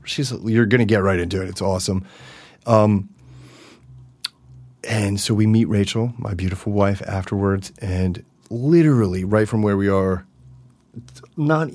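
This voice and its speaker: A man hosting a podcast, chatting casually and energetically, profane, with loud bursts and mumbled asides. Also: lowish voice, dry recording. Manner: animated and profane, swings from loud bursts to mutters. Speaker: podcast host. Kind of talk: casual solo podcast chat.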